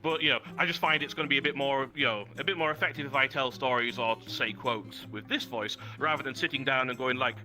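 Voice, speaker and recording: A man's voice: medium pitch, steady tone, fast talker, few pauses, sharp tone, faint music behind. An English man from the West Country, with a posh accent, chatting as a guest streamer in a wordy, self-deprecating way, laughing often. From West Country of England. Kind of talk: casual chat.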